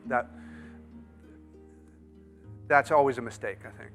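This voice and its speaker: A man, an actor, talking casually as a studio guest, relaxed and self-deprecating with stammered restarts. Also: medium pitch, a little slow, pauses often, music in the background. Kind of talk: casual interview chat.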